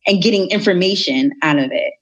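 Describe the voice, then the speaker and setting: A young woman telling a personal story in a casual, animated way, acting out the people in it. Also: on the low side, brisk, lo-fi sound. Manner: animated, retells dialogue in voices.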